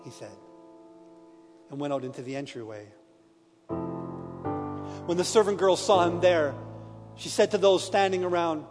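A man's voice: sits high, unhurried, pauses often. Dramatic male scripture reader, reverberant. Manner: dramatic, swinging from hushed to loud. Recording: long reverb with soft piano.

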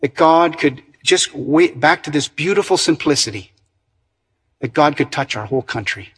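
Middle-aged Canadian man, husky voice, earnest sermon testimony. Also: medium pitch. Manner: earnest storytelling with restarts. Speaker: preacher.

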